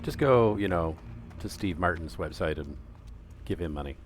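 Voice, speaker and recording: Deep-voiced joking man streaming a game. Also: moderate pace, soft background music. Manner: joking, sarcastic, slips into voices. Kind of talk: casual gameplay commentary with read-aloud quests.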